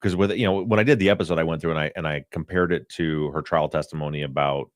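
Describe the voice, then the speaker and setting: A man's voice: very deep voice, fairly even intonation, fast, no echo, clean studio sound. A man co-hosting a podcast, asking questions earnestly in casual conversation and searching for his words. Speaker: podcast co-host.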